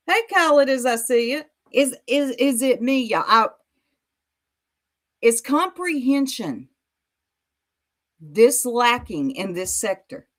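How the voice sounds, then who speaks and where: Sassy lady roasting a stream clip, voice bouncing all over the place, slow drawl. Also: fairly high pitch, animated. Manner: sassy, mocking, talks straight to viewers. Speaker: YouTube commentary host. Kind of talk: reaction commentary on a livestream clip.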